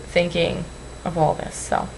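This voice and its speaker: Young woman, lowish voice, rambling and apologetic, tearful, webcam mic, faint hiss. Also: steady tone, moderate pace, poor audio. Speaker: weight-loss vlogger. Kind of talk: emotional webcam vlog.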